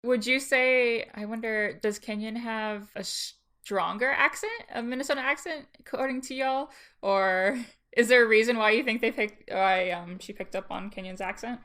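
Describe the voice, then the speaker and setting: Bright-voiced woman host. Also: fairly high pitch, normal speed. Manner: curious, asks questions. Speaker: podcast host. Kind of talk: casual interview chat.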